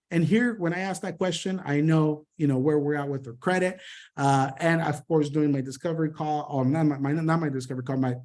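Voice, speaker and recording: An energetic man runs a sales training session over a video call. His voice sits a little high, and he talks in quick bursts, tossing in "right?" and "boom" between points. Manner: energetic, repeats "right?" and "boom", rapid delivery.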